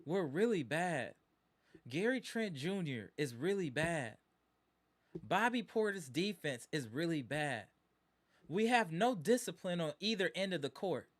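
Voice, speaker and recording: A man hosting a live sports stream, ranting in exasperation as a disappointed fan and repeating his points. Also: high-pitched. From Wisconsin.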